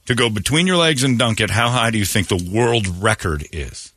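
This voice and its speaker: A man's voice: medium pitch, very animated, a little fast, sharp tone, no room sound. A man hosting a morning radio show in loose, joking, rambling banter.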